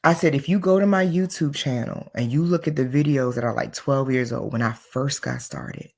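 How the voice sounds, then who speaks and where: A woman's voice: very deep voice, normal speed, gravelly, breathy edge. Self-assured woman business coach, emphatic motivational delivery. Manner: emphatic and self-assured, shifts between loud and soft. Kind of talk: motivational talk.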